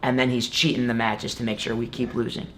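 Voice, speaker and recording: A young man in his twenties tells a long story in a relaxed sit-down interview. He rambles, restarts often and fills the gaps with "like" and "you know." His pitch sits in an ordinary middle range. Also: a little fast, a little hiss or hum. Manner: rambling, filler-heavy storytelling with many "like"s. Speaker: guest wrestler. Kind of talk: casual interview.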